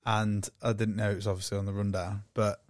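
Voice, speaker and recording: A man's voice: lowish voice, flat delivery, a little fast, no room sound. Man with dry one-word quips. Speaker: podcast co-host. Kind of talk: casual banter.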